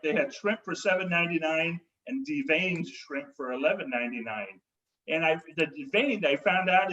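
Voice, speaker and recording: A man hosting a comedy show and doing stand-up over a video call, with a wry, halting delivery. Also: fairly high pitch, bright, forceful tone, dull audio.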